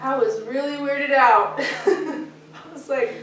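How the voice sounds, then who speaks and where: A woman's voice: high-pitched, slow pace. A woman giving an earnest, emotional personal testimony at church, telling her story with feeling and acting out what people said. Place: church sanctuary. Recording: echoey church hall, speaker far from mic.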